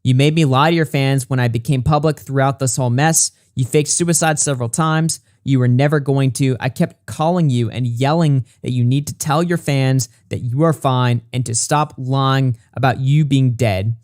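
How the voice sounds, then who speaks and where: A man reading a written statement aloud in a measured way, with occasional stumbles and brief asides. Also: mid-range voice, fairly even intonation, a little mellow, dry recording, clean studio sound. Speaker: commentary YouTuber.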